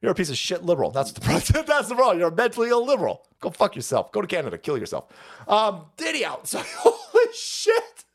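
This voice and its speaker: A foul-mouthed man rants through a live-stream commentary. His voice sits high for a man and swings widely up and down. He mocks his targets, laughs often and bursts into shouts. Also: huge pitch swings, quick pace.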